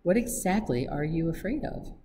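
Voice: medium pitch, lively intonation, normal speed, mellow, a little hiss or hum, natural voice, poor audio. A reader voicing a wry young male adventurer in an audiobook reading, answering in a dry, ironic way. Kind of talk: read-aloud audiobook acting.

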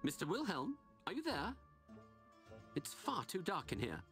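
A man's voice: high voice, huge pitch swings, measured pace, heavily acted. A man voicing a pompous, eccentric detective in a video game, with a grand, showy delivery. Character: eccentric, pompous male detective, theatrical and smug. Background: game music.

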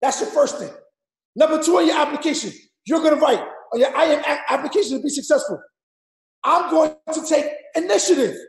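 A network marketing leader shouts a motivational speech in an echoey room, his high-pitched voice gravelly, animated and brisk. He preaches in street slang, loud and repetitive, drilling the audience with numbered points.

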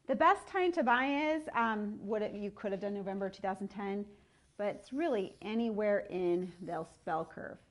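A woman's voice: mid-range voice, expressive, normal speed. Upbeat chatty woman real estate agent. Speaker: real estate team leader. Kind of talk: video market update. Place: filmed by a videographer.

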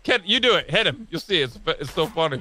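A young man hosting a let's play, chatting excitedly about the game, shouting and joking. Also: fairly high pitch, brisk, very noisy. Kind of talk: excited gameplay chat.

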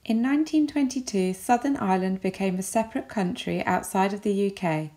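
A woman's voice: medium pitch, dark tone. Englishwoman teaching a recorded lesson. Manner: clear, measured explanatory delivery.

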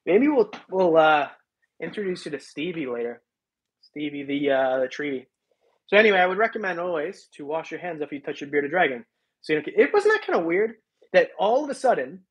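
A man's voice: on the high side, a bit bright, breathy edge. A man hosting a reptile live stream, chatting casually and rambling as he thanks viewers by name. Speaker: reptile channel host.

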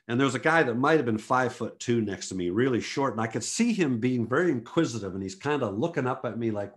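A man from the United States, a photographer giving a motivational talk to an online group, telling stories and acting out what people said with big jumps in pitch. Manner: animated storyteller, acts out quotes with big pitch jumps.

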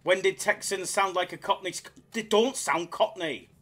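An excitable man talks loosely through his live slots stream, mocking himself and swearing as he answers the chat. His voice sits fairly high and sounds bright and forceful. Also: moderate pace.

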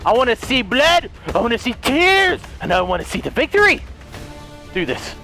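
Pria bersemangat berteriak saat bermain game, suara tinggi. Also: male voice, very high-pitched, normal speed, gravelly, soft background music. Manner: yelling commands at units, wildly animated. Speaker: gaming YouTuber. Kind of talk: excited gameplay commentary.

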